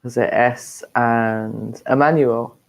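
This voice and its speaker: A cheeky woman teasing her friends in a casual chat. Her voice is very low for a woman. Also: fairly even intonation, slow pace.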